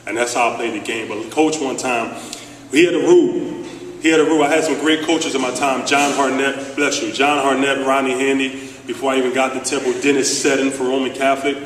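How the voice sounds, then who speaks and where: A man from Philadelphia giving an animated, joking ceremony speech about his playing days. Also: medium pitch, slight background noise. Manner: animated, joking storyteller with restarts. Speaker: former player giving induction speech. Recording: echoey hall, speaker far from mic.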